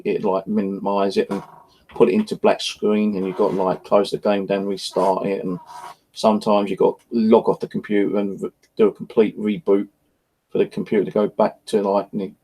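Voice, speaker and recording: Frustrated man, gravelly and dark-toned, casual home vlog rant with lots of swearing. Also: lowish voice, low-quality recording. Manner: rambling, frustrated, swears often. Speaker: vlogger. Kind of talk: casual evening chat to camera. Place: at home, indoors.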